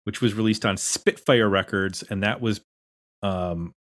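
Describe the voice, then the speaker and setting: A man's voice: on the low side, a little slow. Man hosting a music podcast. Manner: reads comments aloud at a steady clip. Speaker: podcast co-host. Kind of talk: casual chat, reading listener comments.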